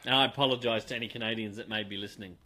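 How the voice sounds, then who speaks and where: A man's voice: lowish voice, fairly even intonation, very fast, sharp tone. An Australian man hosting a live podcast, chatting casually, rambling, laughing often and swearing now and then. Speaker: podcast host.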